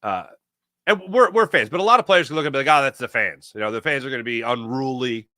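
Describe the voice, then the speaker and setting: A man hosts a sports podcast in a lively, opinionated monologue. His pitch jumps around a lot, and his tone is bright and forceful. The sound is dry and close, with no room around it. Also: fast talker, no echo. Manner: animated, opinionated, acts out quoted voices. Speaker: podcast host. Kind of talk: casual sports talk monologue.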